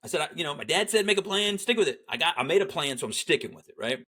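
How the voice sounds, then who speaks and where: A man's voice: a little high, racing, husky. A middle-aged man telling his military story in casual conversation, acting out the people he quotes. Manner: animated, acts out quoted dialogue. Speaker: guest, Army veteran.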